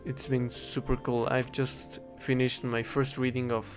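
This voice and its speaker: A man's voice: mid-range voice, level tone, measured pace, soft background music. Rambling young man, hesitant and self-correcting. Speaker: English teacher. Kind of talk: casual rambling talk while gaming.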